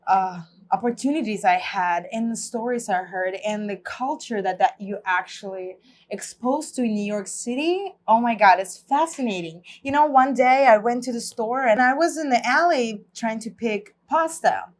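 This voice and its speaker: A woman from Russia with a Russian accent, a guest in a casual interview, telling lively stories and laughing often. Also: on the high side, normal speed, slight background noise.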